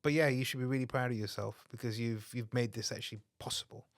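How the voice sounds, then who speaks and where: A man's voice: medium pitch, steady tone, no room sound. Upbeat man, dry close sound. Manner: upbeat, agreeable, chimes in with quick backing words. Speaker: podcast co-host. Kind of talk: casual chat.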